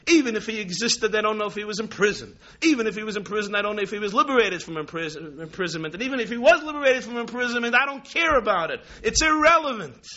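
A stubborn communist history teacher, a Russian woman, shouting in a raised, bright, indignant voice, as a man puts her on in his sermon story. The recording sounds dull and lo-fi. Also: high voice, expressive, quick pace, hardly any pauses, voice pushed up. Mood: furious. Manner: shouting, table-pounding, indignant.

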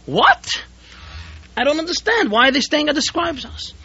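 A man's voice: very high voice, unhurried, bright, forceful tone, voice pushed up, exaggerated voice. A man voicing a wealthy male town host, eager at first and then distraught, pleading and insistent, on a dull lo-fi tape recording. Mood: anxious.

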